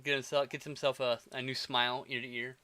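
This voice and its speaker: Casual podcast co-host, man, bright edgy tone, dry close mic, jokey. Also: medium pitch, flat delivery, brisk, no echo. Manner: jokey, laughs often, trails off quietly. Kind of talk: casual movie review chat.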